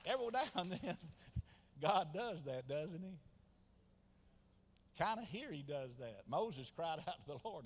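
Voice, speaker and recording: A man, preaching a sermon as pastor, swinging from quiet asides to loud shouted passages. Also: fairly high pitch, expressive, normal speed. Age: 70s. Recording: long hall reverb.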